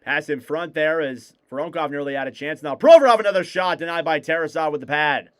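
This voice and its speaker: A man calling live hockey play-by-play on a fan stream, in rapid clipped play calls that rise on shots. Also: fairly high pitch. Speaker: play-by-play commentator.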